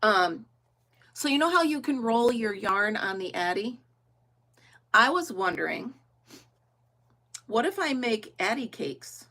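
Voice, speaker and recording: A woman's voice: fairly high pitch, big pitch swings, takes it slowly, pauses often, sharp tone. Chatty woman crafting on a livestream. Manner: chatty, laughing often, thinking aloud. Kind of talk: casual chat while crafting.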